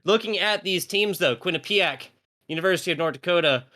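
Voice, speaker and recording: An American esports caster calls a live match with play-by-play and banter, his high, sharp voice moving briskly. He jokes and rambles, using plenty of fillers along the way.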